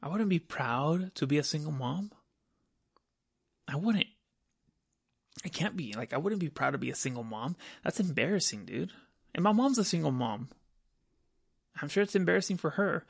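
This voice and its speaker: A man's voice: on the high side, expressive, normal speed, creaky, pauses often, husky, no room sound, clean studio sound. A man in casual podcast chat, blunt and profane, ending almost every phrase with "dude".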